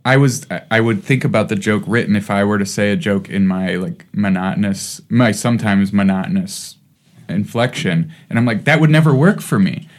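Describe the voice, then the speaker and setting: A man's voice: lowish voice, normal speed. A man talking comedy in a casual chat, laughing through his points. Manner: lively, laughs while talking.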